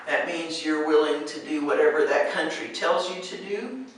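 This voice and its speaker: A woman's voice: low voice, moderate pace, slight background noise. An American woman teaching pronunciation, patiently repeating words for her students to echo. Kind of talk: patient drill-based pronunciation lesson. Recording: echoey room, distant mic, faint ambience.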